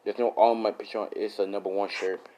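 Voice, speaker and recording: A man's voice: lowish voice, little pitch movement, fast talker, mellow. A man casually improvising a fan story, rambling, slangy and swearing, often correcting himself. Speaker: YouTuber storyteller.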